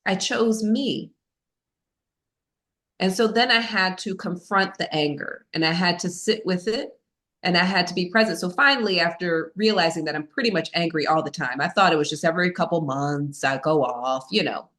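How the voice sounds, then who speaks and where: A woman's voice: on the low side, a little fast, fairly bright tone. A woman as a podcast guest, telling a personal story in a candid, self-mocking way, with many fillers.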